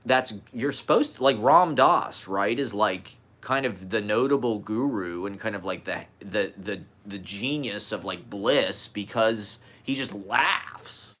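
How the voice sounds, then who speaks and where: A man's voice: fairly low pitch, expressive, a little slow, hardly any pauses, a bit bright. A man with a slight lisp, talking candidly in a rambling personal monologue, swearing and laughing as he goes.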